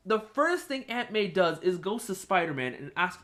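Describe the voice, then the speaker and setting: A young man hosting a podcast, retelling a film scene in an excited, animated, casual way. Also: high-pitched, moderate pace. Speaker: podcast host. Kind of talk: casual chat.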